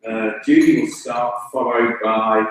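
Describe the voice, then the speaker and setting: A man's voice: medium pitch, fairly even intonation, a little slow, noisy background. A man chairing a conference panel, introducing speakers in an informal, joking way with some restarts. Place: large lecture hall. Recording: echoey hall from far off.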